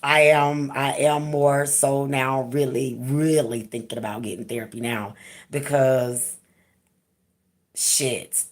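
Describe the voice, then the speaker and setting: A woman's voice: rumbling low, fairly even intonation, takes it slowly. A woman hosting her own channel, talking frankly and emphatically in a candid personal vlog, casual and sometimes profane. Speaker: channel host.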